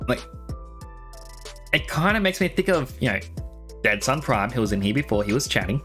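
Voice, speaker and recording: A man's voice: mid-range voice, very animated, fairly quick, a bit bright, faint music behind. A man streaming live, chatting casually and rambling with laughs, his throat dry from talking for a long time.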